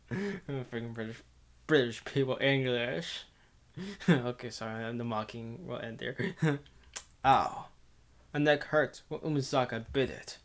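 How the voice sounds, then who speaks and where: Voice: mid-range voice, slow. Giggly casual visual novel reader. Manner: casual and giggly, stumbles and restarts while reading. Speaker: game streamer reading a visual novel aloud. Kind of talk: casual visual novel read-through with commentary.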